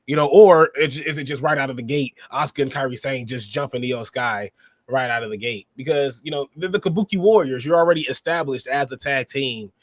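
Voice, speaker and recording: A man hosting a podcast, recapping wrestling in an animated, rambling way and acting out quotes. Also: mid-range voice, fairly quick, dry recording. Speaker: podcast host.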